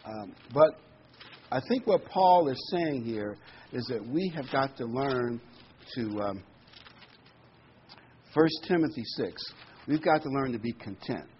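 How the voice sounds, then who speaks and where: A man preaching a sermon, talking conversationally and slowing down to read scripture with emphasis. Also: mid-range voice, expressive. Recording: dull lo-fi recording with faint noise.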